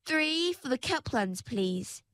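A breezy young mermaid who chirps along cheerfully, lifted high above the reader's own voice, played by a woman. Dry, close sound. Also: big pitch swings, slow pace, dry recording, exaggerated voice. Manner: bright, raised, chirpy. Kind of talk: storybook narration.

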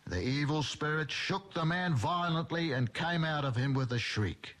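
A man preaching a sermon, retelling scripture in a slow, emphatic storytelling way. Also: a little high, animated, fairly bright tone.

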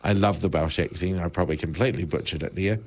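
A male presenter with a lowish voice reads news items aloud on a studio mic. He breaks off with laughing asides and bursts of mock panic, keeping the tone of casual chat show banter. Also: steady tone, quick pace. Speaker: radio presenter reading news stories. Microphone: studio microphone.

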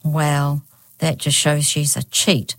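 A woman voicing a sulky, stubborn female hag who speaks rudely, with a low voice. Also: level tone, takes it slowly, creaky, dry recording, exaggerated voice.

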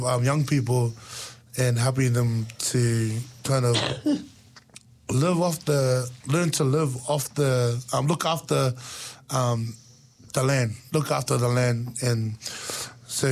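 A man, casually telling stories as a guest and laughing often. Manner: lively, laughs often, jumps into high voices for quoted lines. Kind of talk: casual storytelling chat.

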